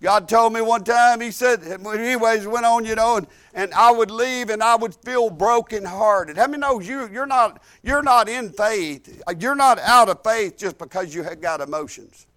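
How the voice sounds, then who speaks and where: A man's voice: high voice, moderate pace, hardly any pauses, a bit bright. A middle-aged man, preaching a sermon in a church, telling a story with emphatic repetition.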